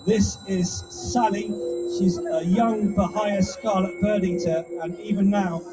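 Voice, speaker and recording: Male live-show presenter, high voice, playful crowd patter, off-mic and dull with music behind. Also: steady tone, measured pace, distant mic. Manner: chatty, teasing, playful showman. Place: live indoor show with audience.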